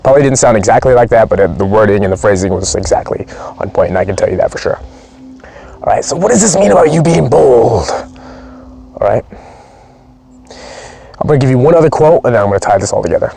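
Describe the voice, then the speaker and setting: A man's voice: on the low side, expressive, fairly quick, vocal fry, pauses often, warm tone, slightly rough. A man speaking as a performance coach, giving a blunt, profane, pumped-up motivational training talk.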